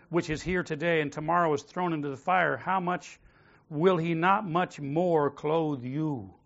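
A man's voice: fairly high pitch, creaky, fairly bright tone. A man preaching a sermon, asking the congregation questions and getting them to repeat phrases to their neighbor. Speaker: pastor. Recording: dull lo-fi sound.

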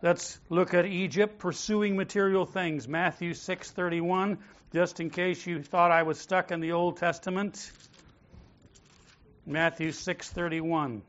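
Male pastor, fairly high voice, preaching to a congregation, dull lo-fi recording. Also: fairly even intonation, unhurried. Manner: rhetorical questions, calls on the congregation to repeat phrases. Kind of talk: sermon. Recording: dull lo-fi sound.

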